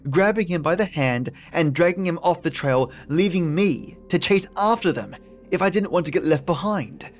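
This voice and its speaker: A man narrating a first-person horror story in a steady, measured way. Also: a little high. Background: faint music.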